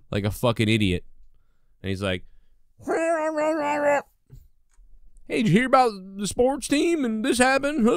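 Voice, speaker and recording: A podcast host, a man, rants in a sarcastic, profane monologue, his pitch swinging up and down. His voice is close and dry, with faint music under it. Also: no echo. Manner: angry, sarcastic, swears constantly.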